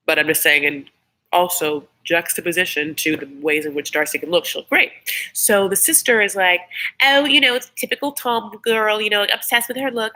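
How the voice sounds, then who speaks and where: A woman's voice: deep voice, pushed and bright, low-quality recording. A woman hosting a casual live reaction chat, chatty and rambling, who swears freely. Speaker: YouTube host doing a live episode reaction.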